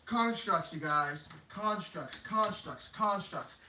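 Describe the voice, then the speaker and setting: Laughing through his explanations, a male whiteboard teacher delivers a slangy, lighthearted motivational talk at the board. His high, animated voice is slow, bright, and forceful, with a little hiss or hum, and the distant mic picks up an echoey room.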